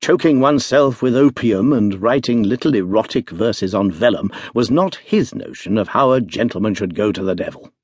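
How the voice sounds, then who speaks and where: A man giving an expressive scripted narration of an audiobook. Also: lowish voice, normal speed, hardly any pauses, husky, dry recording. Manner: expressive storytelling.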